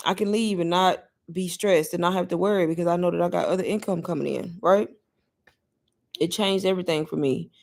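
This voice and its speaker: With vocal fry in a lowish voice, this adult mother talks a little fast while fielding viewer questions on a casual live stream. She's chatty, laughs a lot and addresses everyone as "y'all."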